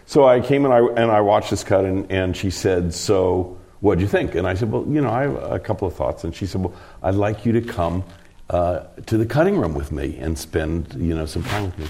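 Very deep-voiced man telling a long anecdote. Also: animated, a little fast, dark tone. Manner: rambling anecdotal, frequent fillers and restarts. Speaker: producer and director. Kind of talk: interview storytelling.

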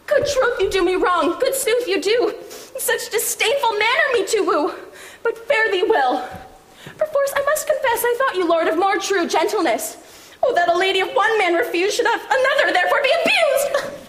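A woman's voice: extremely high pitch, expressive, moderate pace, fairly bright tone, a little hiss or hum. A woman playing a lovelorn, self-pitying young woman. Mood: wounded. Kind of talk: Shakespeare stage reading.

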